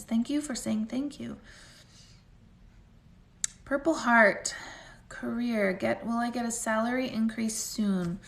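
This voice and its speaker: A woman's voice: fairly high pitch, creaky, reverberant. A woman doing a live psychic reading, talking in a chatty, rambling way with lots of "like" fillers as she answers her viewers. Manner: chatty, rambling, heavy use of "like". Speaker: intuitive medium.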